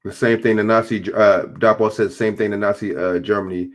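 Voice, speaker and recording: Speaking briskly in a lowish voice with fairly even intonation, a male streamer gives casual, blunt, profane takes on the clips he is reacting to. He repeats himself while responding to chat.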